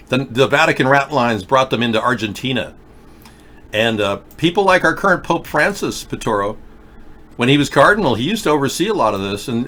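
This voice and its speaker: A man's voice: mid-range voice, sing-song, fairly quick, fairly bright tone. A man hosting a live call-in talk show, rambling and conspiratorial as he talks to callers. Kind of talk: rambling live-stream commentary.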